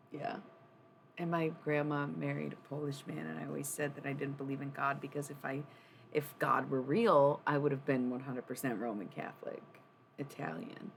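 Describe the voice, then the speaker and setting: Chatty low-voiced woman streamer. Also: vocal fry, a little hiss or hum. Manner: chatty, rambling, swears casually. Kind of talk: casual chat on a livestream.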